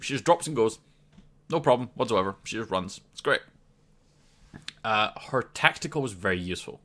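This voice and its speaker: Bright-voiced Scottish man chatting about games. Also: fairly low pitch. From Scotland. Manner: chatty, loose, frequent ums and restarts. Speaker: gaming video host. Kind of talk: casual game commentary to camera.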